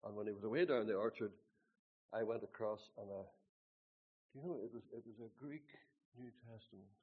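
A man's voice: on the low side, brisk, breathy edge, phone-quality sound. An older man recalls his past in a rambling spoken testimony, repeating himself and quoting scripture with force. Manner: rambling, repeats words, quotes scripture with emphasis. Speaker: storyteller recalling his conversion.

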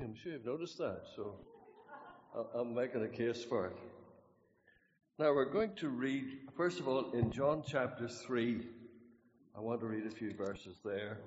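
A man's voice: mid-range voice, darkish tone. A Northern Irish man preaching a sermon in a meeting hall, folksy and joking, and emphatic when he reads scripture. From Northern Ireland. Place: meeting hall, speaking away from the mic. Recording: roomy, distant, dull hall recording.

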